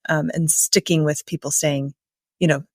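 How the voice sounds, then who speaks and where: A woman's voice: low voice, flat delivery, normal speed, no room sound, clean studio sound. An American woman hosting a podcast, chatting casually and asking long, thoughtful questions. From United States. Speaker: podcast host. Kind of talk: casual interview chat.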